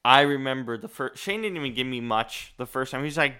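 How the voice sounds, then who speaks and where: A man co-hosting a podcast, chatting casually about a movie and telling animated stories about watching it. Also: mid-range voice, a little fast, clear, resonant tone. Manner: animated storytelling, laughing as he retells scenes. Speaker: podcast co-host. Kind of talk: casual movie-review chat.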